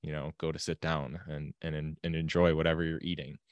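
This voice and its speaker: A man hosting a podcast in casual chat, hesitant and halting with restarts. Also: extremely low pitch, flat delivery, no echo, dull audio.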